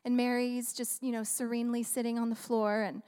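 A woman preaching a sermon in an animated, humorous, conversational way, often asking the audience questions. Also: fairly high pitch, a little fast, clear, resonant tone. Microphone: handheld microphone. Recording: long reverb of a large hall.

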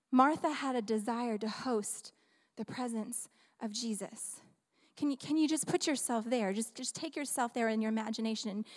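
Woman preacher, high voice, animated and joking, asks the audience questions, handheld mic, long hall reverb. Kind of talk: sermon. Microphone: handheld microphone.

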